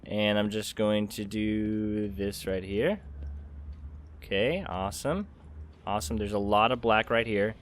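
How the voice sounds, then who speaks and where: A man hosting a let's play, chatting to himself as he plays and swinging between loud outbursts and quiet mumbling. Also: on the low side, unhurried. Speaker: gaming channel host.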